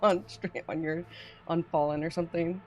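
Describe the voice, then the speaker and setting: Hosting a laid-back game stream, a bubbly woman chats with a guest, reads viewers' messages out loud, and laughs often. Her voice is on the low side and darkish, with a steady tone and moderate pace.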